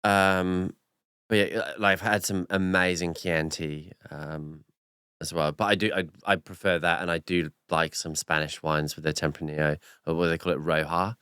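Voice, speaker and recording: Low nasal man chatting. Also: steady tone, normal speed, a bit bright, clear, resonant tone, no room sound, studio quality. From Australia. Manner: rambling, many fillers, nasal. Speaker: podcast co-host. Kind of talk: casual chat.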